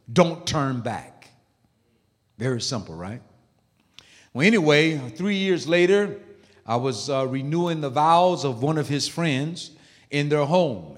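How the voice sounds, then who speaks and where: A male pastor delivering a sermon with a mid-range voice, emphatic and repetitive, turning to the congregation with quick asides. His voice carries a long reverb from a large hall. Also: medium pitch. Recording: echoey hall.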